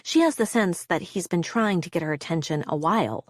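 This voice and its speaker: A woman narrates a suspense audiobook with a measured, tense delivery. Her voice sits on the low side for a woman. The recording is dry and close, with no room sound. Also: expressive, dry recording.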